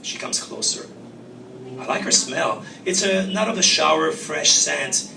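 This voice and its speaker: A man's voice: fairly high pitch, measured pace, vocal fry, bright, forceful tone, a little hiss or hum. A man reading his own fiction aloud in wry, reflective first-person narration at a live reading. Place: reading venue. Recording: roomy, distant mic, faint ambience.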